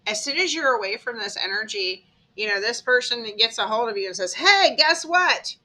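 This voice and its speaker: Medium-pitched, brisk and sharp, a tarot reader turns a casual reading into dramatic, chatty storytelling. She often asks "okay?" to check in with her listener.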